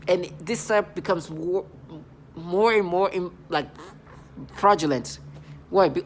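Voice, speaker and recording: A vlogger speaking in a halting, repetitive, accusatory monologue. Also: mid-range voice, slight background noise. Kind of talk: angry vlog monologue.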